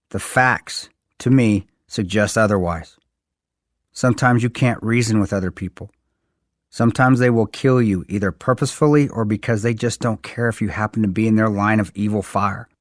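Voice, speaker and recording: A man's voice: fairly low pitch, a little fast, dry recording, studio quality. A man reading aloud from his own memoir in an earnest, plain-spoken way. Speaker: author reading his book. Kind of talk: audiobook-style reading.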